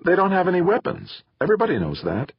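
A man's voice: sits high, wildly swooping pitch, quick pace, slightly rough, no echo, pitched above the performer's own voice, full character voice. A man voicing an earnest young son who pleads in a raised, urgent voice. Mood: puzzled protest. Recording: slightly muffled.

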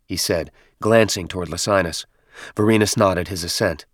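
A man reading an audiobook in steady, measured scripted narration. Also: deep voice, no room sound, studio quality.

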